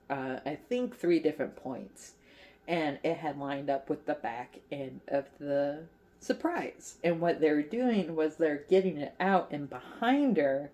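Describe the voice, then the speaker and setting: Low-pitched and warm, a woman chats on her crochet channel about a favorite film. Her retelling is casual, rambling and full of fillers, and she has fun voicing the characters' lines herself.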